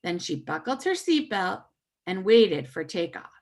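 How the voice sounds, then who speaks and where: A woman reading a children's story aloud with puppets, expressive and animated. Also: medium pitch, measured pace.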